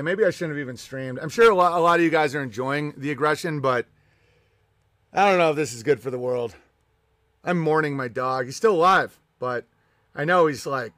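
A man's voice: on the high side, a bit bright, no echo. Profane, ranting streamer, a man. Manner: profane, sarcastic and combative. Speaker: live-stream host reading chat. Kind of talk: ranting live-stream commentary.

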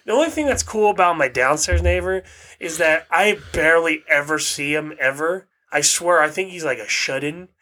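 Young dude podcasting, swears a lot, laid back, bright voice. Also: male voice, on the high side, normal speed. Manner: slangy, profane, laid-back storytelling. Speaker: podcast host. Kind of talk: casual chat.

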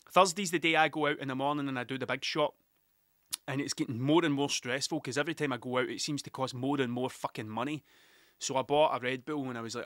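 Rambling, sweary Scottish man, bright voice. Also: medium pitch, no echo, studio quality. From Scotland. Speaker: podcast host. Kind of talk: casual solo podcast chat.

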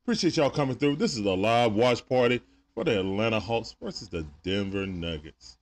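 A man's voice: fairly low pitch, animated, a little fast. A man hosting a live sports watch party stream, talking casually with viewers through a sore throat and greeting them one by one with laid-back slang.

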